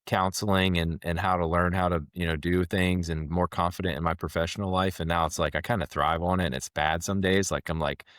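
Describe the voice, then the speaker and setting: A man's voice: deep voice, a little fast, few pauses, no echo, clean studio sound. A man, a company president telling stories in a casual podcast interview and acting out both sides of conversations. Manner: animated storyteller, acts out both sides of conversations.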